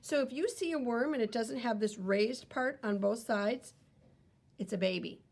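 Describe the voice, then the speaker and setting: A woman's voice: a little high, normal speed, gravelly, darkish tone. A woman teacher reading a picture book aloud to children, wondering aloud and explaining as she goes.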